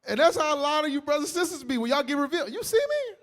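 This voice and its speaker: A man teaching the Bible in a casual, joking, animated way, often acting out voices. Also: very high voice, very fast. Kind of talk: street-style Bible teaching.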